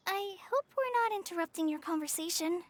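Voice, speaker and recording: Casting: a bubbly young game girl, very high and bouncy, eager. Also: lively intonation, moderate pace, soft background music. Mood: cheerful. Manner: bright, chirpy and eager.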